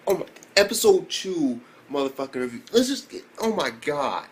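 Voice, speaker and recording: An excitable young man talks through an anime episode, his pitch jumping around a lot and sitting a little high. He swears freely and keeps bursting into exclamations. It is a loose, casual video review. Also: normal speed, a little hiss or hum. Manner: excitable, profane, full of fillers and loud exclamations.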